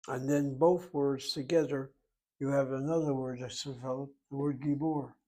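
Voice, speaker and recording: A man's voice: mid-range voice, steady tone, normal speed, warm tone. A man teaching a Hebrew grammar lesson, explaining each word methodically letter by letter.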